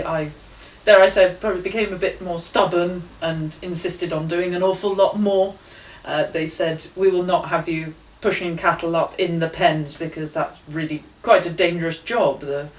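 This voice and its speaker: A young woman telling stories as an author guest in a relaxed interview, laughing often and acting out quoted voices. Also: on the low side, distant mic. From England. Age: young adult. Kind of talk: casual interview storytelling. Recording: echoey room, voice off mic.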